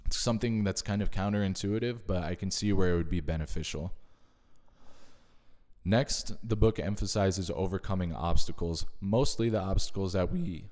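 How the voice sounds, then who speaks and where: A man's voice: low voice, a little mellow, big-room sound. A man giving a casual, thoughtful spoken summary of books he listened to, adding his own asides. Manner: thoughtful, measured, adds personal asides. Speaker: video creator summarizing books.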